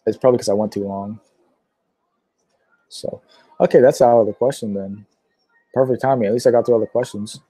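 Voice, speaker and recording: A nineteen-year-old man answering viewer questions on a casual livestream, his voice mellow and dark in tone and slightly low in pitch. He rambles in an offhand way, dropping plenty of "uh"s between answers. The sound is dry and close, with no room echo. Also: brisk, pauses often, slightly rough. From Pittsburgh, Pennsylvania. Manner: rambling, filler-heavy, many "uh"s.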